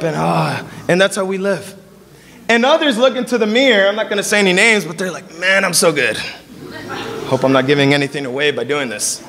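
Guy preaching, high voice, acts out all the dialogue, big hall echo. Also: a little fast. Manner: animated storytelling, acting out dialogue. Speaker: pastor. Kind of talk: sermon. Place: church service in a hall. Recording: long reverb of a hall.

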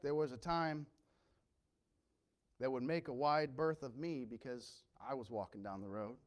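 A male pastor preaching a sermon with impassioned swings from quiet storytelling to loud emphasis. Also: mid-range voice, a little slow, pauses often.

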